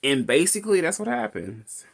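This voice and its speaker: A man's voice: sits high, very animated, moderate pace, vocal fry. Man giving a rambling movie recap. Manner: rambling, restarts often, laughs between lines. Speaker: movie reviewer. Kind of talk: casual rambling film recap.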